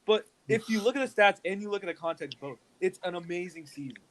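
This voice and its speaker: Young male podcast co-host, higher-pitched, eager debater. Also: fast talker, poor audio. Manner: animated, defends his picks. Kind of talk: casual sports debate.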